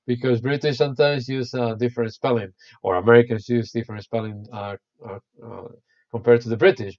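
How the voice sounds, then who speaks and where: A man's voice: mid-range voice, darkish tone. Chatty male English teacher, dull audio. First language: Spanish. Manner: chatty, encouraging, addresses students by name. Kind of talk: live online English class.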